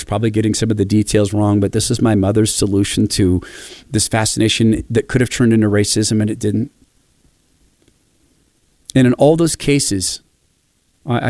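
A man's voice: lowish voice, dry recording. Reflective man telling personal stories. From Pacific Northwest, United States. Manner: warm storytelling, enthusiastic and reflective. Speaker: speaker.

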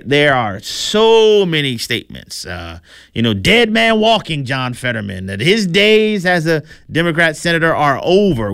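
A man's voice: fairly high pitch, fairly bright tone, smooth, no room sound, studio quality. A man hosting opinionated political commentary in a chatty, wry way, sometimes tripping over words.

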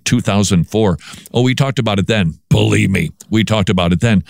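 A man's voice: mid-range voice, no room sound. Man with a dry-sounding commentary voice. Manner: animated, repeats words when restarting. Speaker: podcast host. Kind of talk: casual commentary on news.

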